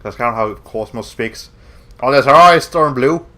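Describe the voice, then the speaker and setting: A young man commentating on a game stream in a rambling, jokey way with quick asides. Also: mid-range voice, sharp tone. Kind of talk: let's play commentary.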